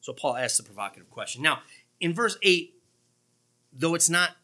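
Preaching to a church congregation, this man has a slightly high voice and an animated delivery. He stresses his sarcastic points heavily and slips in quick asides to the crowd.

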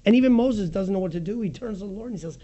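A man preaching a sermon as pastor, with a raspy voice, animated and swinging between soft and loud, joking about his own slips. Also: rapid-fire, highs cut off. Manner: animated preaching with wide swings in pitch and loudness; jokes at his own slips, laughs easily.

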